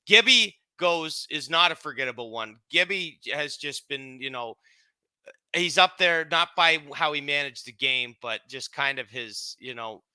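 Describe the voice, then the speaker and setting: Male podcast co-host, very bright, smooth voice, rambling, relaxed delivery. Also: on the high side, unhurried, no room sound. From Canada. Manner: rambling, relaxed, lots of fillers and restarts. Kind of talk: casual sports podcast chat.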